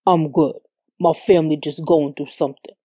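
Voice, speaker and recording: Lady putting on a drunk guy voice, slurry and curt, kinda low, dry sound. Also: fairly even intonation, moderate pace, dark tone, husky, dry recording. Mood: subdued. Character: drunk cold irritated young man.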